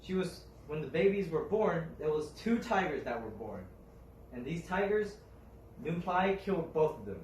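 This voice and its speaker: A young man retelling a folk tale to a group, halting with fillers and restarts. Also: fairly high pitch, big pitch swings, darkish tone, slight background noise. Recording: roomy, mic at a distance, faint ambience.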